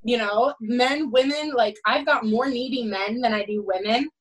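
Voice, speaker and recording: A woman's voice: fairly high pitch, normal speed, rough recording. A middle-aged woman who coaches college swimming tells candid, emphatic stories in a podcast interview and leans on "you know" and "right?". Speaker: college swim head coach.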